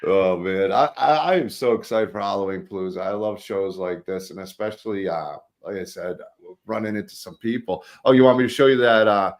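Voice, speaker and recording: Gravelly-voiced man in casual chat. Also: lowish voice, brisk. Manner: jokey, laughs often, does voices of family. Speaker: guest.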